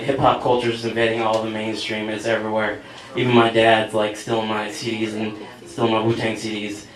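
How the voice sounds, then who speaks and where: A young man doing a stand-up set in a small cafe, rambling and self-mocking with lots of fillers. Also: medium pitch. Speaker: stand-up comedian. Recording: echoey room, mic from far off, audience laughter. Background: audience laughing.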